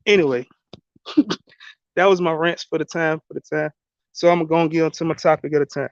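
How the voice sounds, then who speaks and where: A man with a fairly high voice rants bluntly about sports, talking straight to his viewers. The sound is dry and a bit dull, like a lo-fi home setup. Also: a little fast, pauses often, dry recording. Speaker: sports channel host. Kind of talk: casual sports rant.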